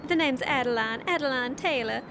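A woman's voice: high voice, fairly quick, background noise. An Irish woman putting on a sugary Southern belle. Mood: sugary teasing. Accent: put-on Southern US. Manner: drawling, honeyed, teasing. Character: syrupy Southern belle alias, sweet-talking woman.

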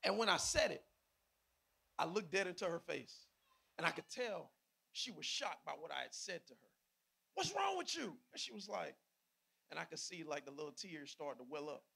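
A man in his thirties preaching a sermon, a father of a preteen daughter, with sudden loud bursts and asides to the congregation. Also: on the high side, expressive, normal speed, vocal fry, long pauses, husky. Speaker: pastor.

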